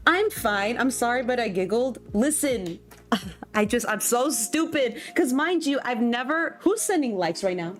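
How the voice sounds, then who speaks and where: A woman's voice: on the high side, animated, a little slow. A young woman streaming a game, chatting casually with her viewers in a self-mocking, giggly way, full of ums. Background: faint music.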